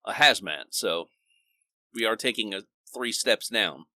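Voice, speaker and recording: A man's voice: fairly low pitch, lively intonation, a little slow, bright, forceful tone, dry recording, clean studio sound. A man co-hosting a casual bourbon podcast, chatty, with jokey asides and hedged opinions. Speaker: podcast co-host. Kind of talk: casual bourbon tasting chat.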